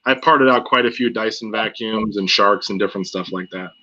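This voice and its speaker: A man's voice: on the low side, brisk, pushed and bright, dull audio. A man co-hosting a casual live stream, making easygoing, laid-back remarks. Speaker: co-host.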